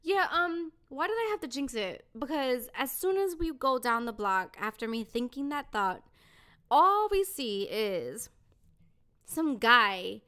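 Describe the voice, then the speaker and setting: A young woman with a high voice tells a story on a casual podcast. She swears freely and slips into the voices of the people she describes. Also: normal speed, hardly any pauses. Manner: animated, swears a lot, acts out the people in her story. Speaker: podcast host.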